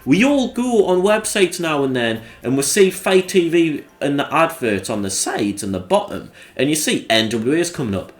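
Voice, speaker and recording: A young man hosts his channel and rambles through casual commentary on a wrestling sim game. His delivery is sarcastic and peppered with swearing. His voice swings widely up and down in pitch. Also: sing-song, moderate pace, hardly any pauses. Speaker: channel host.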